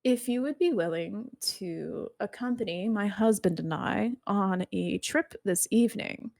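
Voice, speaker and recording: A woman's voice: medium pitch, unhurried, vocal fry, darkish tone, dry recording, clean studio sound. Woman voicing a poised scheming businesswoman. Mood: silky, businesslike.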